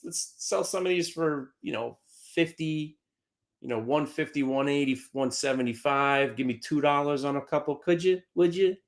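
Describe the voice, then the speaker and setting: A man hosting a live stock trading show, brash and taunting, dropping to mutters and bursting into shouts. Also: fairly high pitch, moderate pace.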